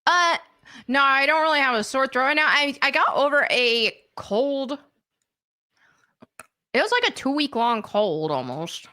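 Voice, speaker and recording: A woman's voice: sits high, animated, measured pace, pauses often, pushed and bright. A woman hosting a casual livestream and reading chat, blunt and indignant, with lots of fillers. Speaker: livestream host.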